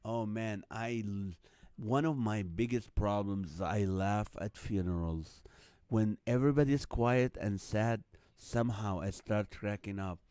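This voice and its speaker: A man from the Middle East hosts a relaxed live stream, joking and chuckling as he reads out viewer names and guesses. His voice is smooth and resonant, and the sound is close and dry with no room around it. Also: lowish voice, unhurried, dry recording. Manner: jokey, laughs often, chuckling while reading names and numbers. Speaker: host of a live online show. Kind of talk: casual live-stream chat reading viewer comments.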